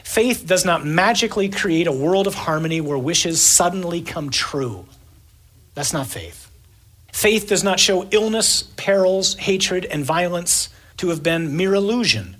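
Male preacher, husky and breathy, dramatic evening sermon with punchy lists. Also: sits high, expressive, a little slow, a bit bright. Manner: dramatic, emphatic lists, acts out the scene.

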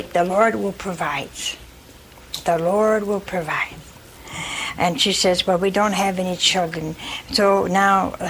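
A woman's voice: mid-range voice, a little hiss or hum, low-quality recording. A woman preaching a sermon, retelling scripture with folksy asides and acted-out voices for the congregation.

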